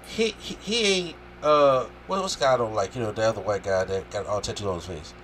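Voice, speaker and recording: A man's voice: on the low side, animated, brisk, fairly bright tone, slight background noise. A man co-hosting a podcast in casual chat, rambling and searching for his words. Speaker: podcast co-host.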